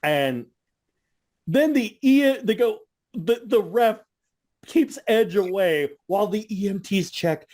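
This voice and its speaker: A man co-hosting a podcast, telling a story in casual chat, excitable and swearing, sometimes mocking others in silly voices. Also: high voice, slow pace. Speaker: podcast co-host.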